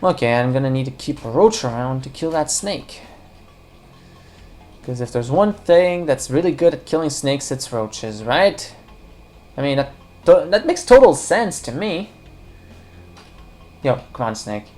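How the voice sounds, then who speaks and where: A woman's voice: rumbling low, animated, measured pace, pauses often, mellow. A woman casually commenting on a puzzle game as she plays, rambling and joking, talking to the viewers and the game characters. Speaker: let's play commentator.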